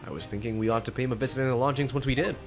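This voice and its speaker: A man's voice: medium pitch, fairly even intonation, very fast, soft background music, close to an everyday voice. A man voicing a polite young male lawyer, earnest and mild, during a game playthrough.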